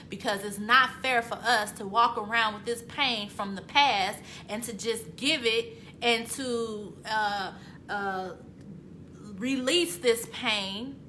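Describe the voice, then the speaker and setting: A woman author and motivational speaker gives an inspirational self-help talk in a sharp, medium-pitched voice, with a faint hiss or hum in the recording. She is emphatic and repetitive, her casual, conversational phrasing swelling into passionate peaks.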